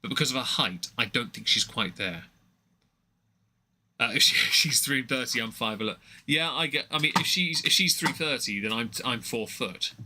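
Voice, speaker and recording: A man's voice: medium pitch, normal speed, background noise. A young man giving rambling, mocking commentary on a livestream, with many fillers and restarts.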